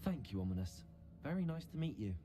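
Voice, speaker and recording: A man's voice: medium pitch, sing-song, fast talker, dark tone, faint music behind, lightly acted. An actor playing a polite, reserved young male student newcomer in a video game.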